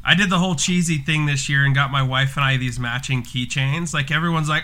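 A man in his thirties co-hosting a podcast, chatting casually and telling animated stories. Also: medium pitch, a little fast, hardly any pauses. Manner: animated storyteller, laughs while telling. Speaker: podcast co-host. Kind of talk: casual chat.

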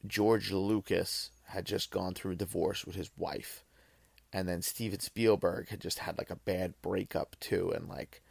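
A man's voice: deep voice, fairly even intonation, measured pace, creaky, a little mellow, slightly rough, no echo. A man hosting a podcast, reviewing a film in a loose, rambling monologue full of swearing and restarts. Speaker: podcast host.

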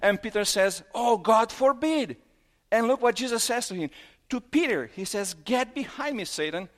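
A man preaching a sermon who asks questions and retells scripture scenes, dropping low and soft at emotional moments. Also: lively intonation, moderate pace.

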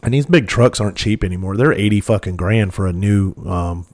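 Guy, 40s, ex cop, swears a lot, rambly, kinda low voice. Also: brisk, darkish tone. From southern United States. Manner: profane, rambling, lots of fillers. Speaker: former police officer. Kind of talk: casual storytelling monologue.

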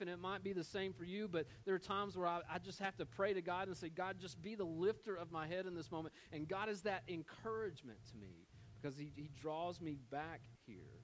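A man giving a sermon in an easygoing, conversational tone. His voice sits a little high for a man. He repeats words as he feels his way through each thought. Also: slight background noise, low-quality recording. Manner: conversational preaching, repeats words while finding his phrasing. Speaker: pastor.

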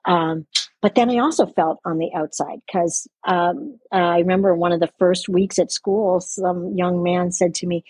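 A woman's voice: lowish voice, measured pace, a little mellow, husky, dry recording. An older woman from Canada with a light Canadian accent, a guest reflecting at length in an interview, rambling and correcting herself with small laughs.

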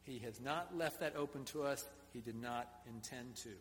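A man's voice: mid-range voice, moderate pace. A male pastor delivers a sermon in an easygoing, conversational way, speaking to his congregation. His voice carries a long reverb from the hall. A faint hiss of room ambience sits under him. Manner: conversational preaching with asides to the congregation.

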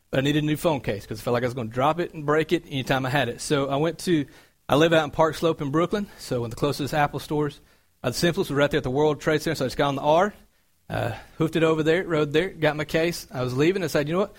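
A man preaching a sermon in a conversational, storytelling way, growing animated as he recounts events. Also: on the high side, fast.

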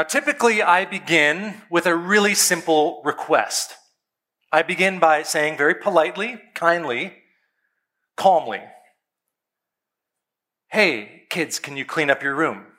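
A man with a bright, ringing voice that sits a little high for a man. He tells a parenting story conversationally, firing rhetorical questions at his listeners and acting out his kids and himself with big swings in pitch.

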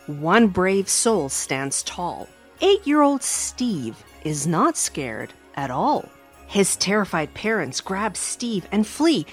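A woman hosting a children's storytime show, reading a rhyming picture book aloud with lots of expression. Her fairly low voice rises and dips widely, and she takes her time, drawing out each line. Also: slow pace, slightly rough, faint music behind. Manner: animated, expressive, warm-hearted. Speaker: children's story podcast host.

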